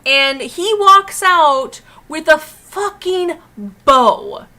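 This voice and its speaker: A young woman co-hosting an art livestream, ranting in a heated, profane, animated way and laughing often. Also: high-pitched, drawn-out words. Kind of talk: casual livestream rant.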